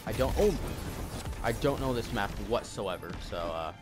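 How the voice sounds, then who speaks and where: A man giving chatty, excitable commentary while he plays a game, often breaking into sudden exclamations. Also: lowish voice, moderate pace. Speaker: gamer. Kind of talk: casual gameplay commentary. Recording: game audio mixed with loud music. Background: game music.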